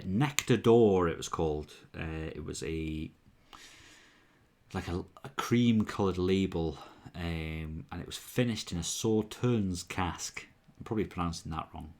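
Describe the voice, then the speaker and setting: Male streamer, deep voice, loose rambling chat, bursts of energy on greetings. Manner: chatty, rambling, jumps louder and higher when greeting viewers. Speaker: livestream host. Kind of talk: casual livestream chat answering viewers.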